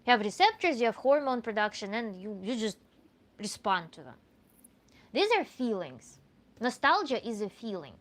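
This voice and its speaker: A woman with a Russian accent answers viewer questions as a coach, her voice sitting a little high. She talks in an animated, earnest way, restarting phrases as she works out her thoughts. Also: normal speed. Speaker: tantra coach.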